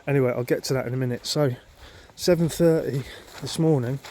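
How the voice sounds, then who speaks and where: A man's voice: mid-range voice, fairly quick, warm tone. Swearing man vlogging outdoors. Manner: swearing, rambling, exasperated storytelling. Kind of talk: casual outdoor vlog. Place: outdoors at a lake.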